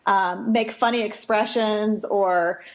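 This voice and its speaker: A woman romance author speaking in a relaxed, conversational way as a radio guest. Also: mid-range voice, takes it slowly. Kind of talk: casual radio interview.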